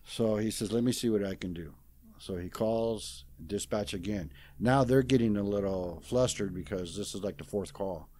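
His pitch fairly low and his tone darkish, a man in his sixties tells a story at a moderate pace as a guest in an interview. He keeps it casual and plain-spoken, a folksy retelling loaded with "I says," performing the quoted dialogue of others.

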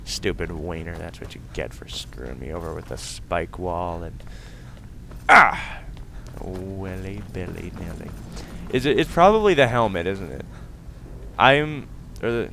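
A young man giving casual let's-play commentary, excitable and silly, breaking into sudden loud outbursts and laughs. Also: fairly low pitch, gravelly, slight background noise. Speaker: gaming video host.

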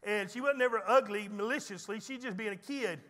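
Preacher man, real high bright voice, folksy and jokey, echoey hall. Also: brisk. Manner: folksy storytelling preacher with teasing humor. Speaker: pastor. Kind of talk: sermon. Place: church sanctuary.

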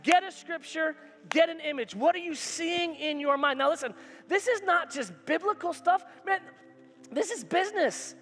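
Here a pastor preaches at normal speed, his voice pitched extremely high with a fairly bright tone. His sermon leans on emphasis, repetition and call-and-response lines, captured in a church sanctuary with hall reverb and faint music in the background.

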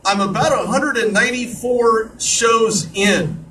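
A man's voice: sits high, measured pace, sharp tone. A man hosting an online radio show, talking in a chatty monologue with joking asides. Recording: distant mic with clear background noise.

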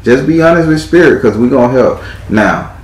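A man's voice: medium pitch, expressive, a little fast, echoey room, low-quality recording. A man doing a live tarot reading in a theatrical, teasing way, swearing freely as he talks to a client. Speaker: tarot reader.

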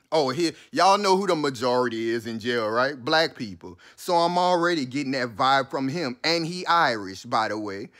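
A man's voice: medium pitch, lively intonation, moderate pace, few pauses, fairly bright tone. Heated New man ranting. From New Orleans, USA. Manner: heated, profane, sarcastic, addresses listeners directly. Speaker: commentator. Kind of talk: ranting commentary.

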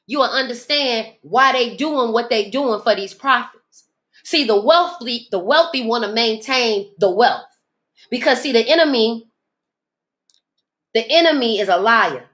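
Preachy and emphatic, this woman hosts a podcast built around a motivational monologue, slipping into dialect and imitating others in side remarks. She has a high, bright, forceful voice.

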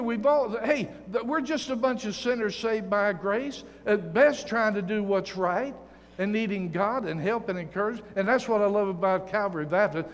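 A man in his sixties, a guest preacher giving an emphatic, folksy sermon full of stories and jokes in a church sanctuary. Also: high-pitched. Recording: long church reverb.

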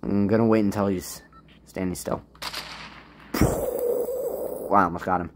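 A man giving casual gameplay commentary as a gaming YouTuber, swinging between low muttering and loud, frustrated outbursts. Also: wildly swooping pitch, slow pace, very noisy.

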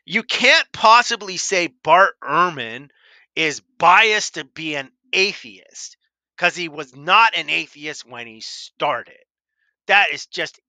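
A commentary channel host delivers critical video commentary in a fairly high, pushed, bright voice that sounds tense and cutting. He argues hard, repeats himself for emphasis, and addresses his opponent directly. The recording is bone dry and close-miked, with no room sound.

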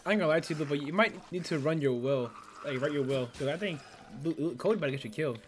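A man's voice: a little high, rapid-fire, soft background music. A young man streaming a game, chatting casually and teasing his friend in slang. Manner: slangy, teasing, laughs often. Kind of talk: casual gaming chat with a friend.

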